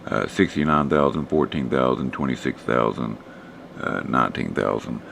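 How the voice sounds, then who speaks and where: Very deep hoarse man. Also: moderate pace, a little hiss or hum. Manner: relaxed, rambling, talks to chat viewers. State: losing his voice, hoarse. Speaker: stock trading streamer. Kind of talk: casual live stream commentary.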